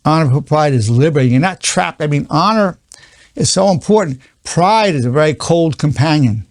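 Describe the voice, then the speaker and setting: A man's voice: a little high, animated, a little fast, no echo. A man in his eighties, a psychologist giving an earnest spoken lesson, repeating key phrases with stammering restarts. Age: 80s.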